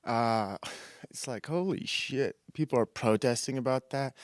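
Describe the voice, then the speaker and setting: A man's voice: mid-range voice, a little slow, no echo, clean studio sound. A man hosting a comedy commentary show, ranting in a crude, sarcastic and rambling way, laughing and putting on mock voices. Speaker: host.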